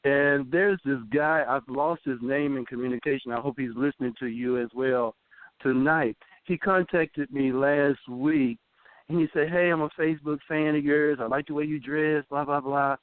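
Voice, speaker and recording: A man's voice: fairly high pitch, normal speed, no room sound. A man in his fifties, a guest on a phone interview, animatedly telling a story and acting out the voices of the people in it. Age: 50s. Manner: animated storyteller who acts out quoted voices. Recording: dry tinny phone line.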